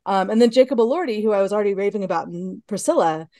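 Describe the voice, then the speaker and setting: A woman's voice: mid-range voice, lively intonation, fast, warm tone, no echo, studio quality. A woman co-hosting a podcast, chatting casually about movies, with frequent laughs and fillers. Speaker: podcast co-host.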